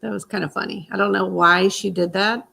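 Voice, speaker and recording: A woman from Missouri hosting a casual group stream, easygoing and quick to laugh. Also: medium pitch, fairly even intonation, gravelly, bright, forceful tone. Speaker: host.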